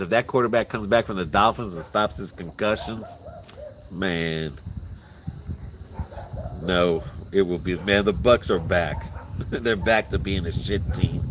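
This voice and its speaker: A Puerto Rican vlog host with a lowish voice chats casually outdoors in rural mountains at night, laughing, joking about sports, and swearing a bit. Loud crickets and insects fill the noisy background of the outdoor recording.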